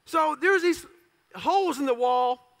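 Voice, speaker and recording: A man's voice: extremely high pitch, animated, unhurried, a bit bright. A man giving a motivational speech, telling his story in blunt, clipped phrases with profanity and self-mocking humor. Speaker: motivational speaker.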